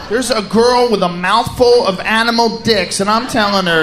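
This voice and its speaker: A man doing stand-up comedy, telling profane stories in an animated way before a live audience. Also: very high-pitched, fast talker, hardly any pauses, a loud crowd. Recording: live club recording with audience. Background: audience noise.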